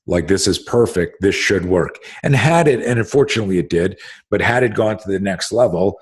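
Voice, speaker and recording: Man, podcast host, very low voice, husky, emphatic, swears freely, keeps restarting sentences. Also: expressive, a little fast. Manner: emphatic and profane, with frequent restarts. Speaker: host and self-defense instructor. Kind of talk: casual podcast conversation.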